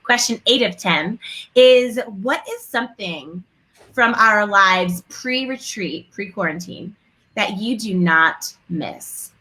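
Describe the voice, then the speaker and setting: A woman's voice: medium pitch, expressive, sharp tone. A woman hosting a casual live-stream interview, effusive and gushing toward her guest. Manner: effusive, gushing, quick to laugh. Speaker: host.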